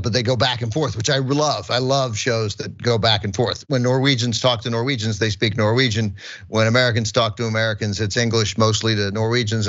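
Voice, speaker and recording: On a podcast with a dull, lo-fi, dry sound, a middle-aged co-host rambles through a funny story in casual chat, cutting himself off along the way. His voice is on the low side and a bit bright.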